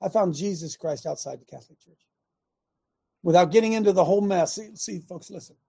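A middle-aged man delivers a conversational sermon, moving between stories and direct questions to his listeners. His voice sits high and has a husky edge. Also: brisk. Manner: animated, storytelling, asks listeners questions. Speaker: show host preaching. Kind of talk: conversational preaching.

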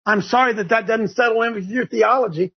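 A man hosting a Bible discussion, preaching emphatically, shouting verses and firing rhetorical questions. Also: high-pitched, fairly quick, husky, dull audio. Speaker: host leading a Bible discussion. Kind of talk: fiery preaching-style Bible talk.

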